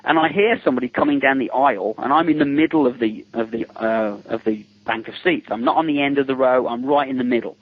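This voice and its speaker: A man's voice: medium pitch, fast talker, few pauses, no echo. A middle-aged man, a special effects makeup artist, telling amused anecdotes as an interview guest and often laughing between them. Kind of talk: casual anecdotal storytelling. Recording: dull lo-fi recording.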